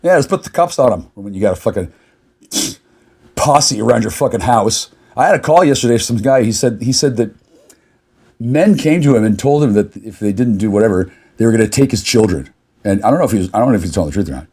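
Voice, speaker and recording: Brief: man, low husky voice, furious swearing monologue to camera. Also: animated, fast, a little mellow. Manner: furious, confrontational, swears constantly. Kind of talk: angry profane rant.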